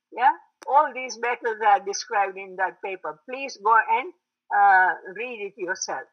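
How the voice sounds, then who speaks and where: A woman's voice: mid-range voice, slow pace. Woman teaching a faith class, keeps asking right?, muffled old-sounding recording. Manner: explanatory, checks in with listeners. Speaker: religious teacher. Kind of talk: religious lecture. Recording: dull lo-fi recording.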